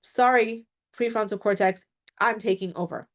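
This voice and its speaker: A woman's voice: medium pitch, moderate pace, close to an everyday voice. A woman voicing a personified brain alarm center that hurriedly takes charge, in her own teaching voice. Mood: urgent.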